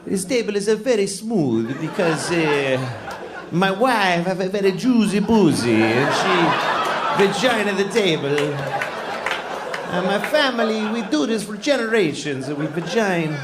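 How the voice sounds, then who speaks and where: A man's voice: high-pitched, expressive, measured pace, a loud crowd, heavy background noise, voice pushed up. A man doing a boastful furniture maker. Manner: broken English, boastful. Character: proud old Italian furniture maker, boastful. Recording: roomy club with audience laughter.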